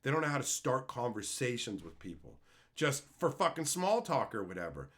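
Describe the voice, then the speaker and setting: Lively, bright-voiced man ranting. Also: mid-range voice, moderate pace. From Canada. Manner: profane, mocking, swings into loud sneering impressions. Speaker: streamer. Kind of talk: ranting commentary.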